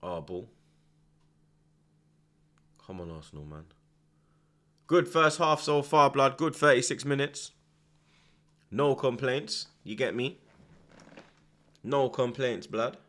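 Animated man yelling at football. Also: medium pitch, slow pace, long pauses. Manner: excitable, shouts at the screen, heavy slang and swearing. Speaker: football watchalong host. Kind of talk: live match reaction commentary.

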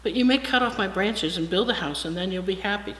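A gentle giving tree, read aloud by a preacher. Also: mid-range voice, fast, lightly acted. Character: gentle, selfless female apple tree. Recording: echoey hall, faint hiss.

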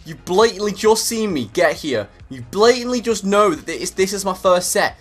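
A man's voice: sits high, brisk, hardly any pauses, soft background music. Sweary young man ranting. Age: young adult. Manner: animated, sweary, acts out scenes. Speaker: comedy vlogger. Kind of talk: comedic rant to camera.

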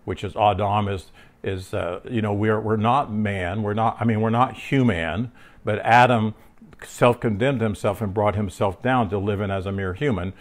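Man, lowish voice, casual bible teacher, halting restarts, rambling asides, asks "right?" to his listener. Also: steady tone. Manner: rambling, frequent restarts and filler words; tells personal stories mid-teaching.

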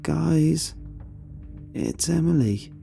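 A man doing a frantic young woman shouting. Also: animated, very slow, gravelly, soft background music, heavily acted. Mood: shaky. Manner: high, shouting, struggling. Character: frightened young woman, desperate and pleading.

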